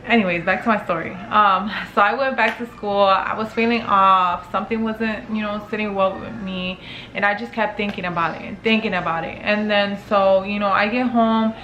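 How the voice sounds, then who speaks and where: Brief: young woman vlogger, chatty storyteller, bright forceful tone, roomy home echo. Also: mid-range voice, fairly even intonation, normal speed, slight background noise. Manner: chatty, filler-heavy, swears casually, acts out quotes. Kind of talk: casual storytelling to camera. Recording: echoey room with faint ambience.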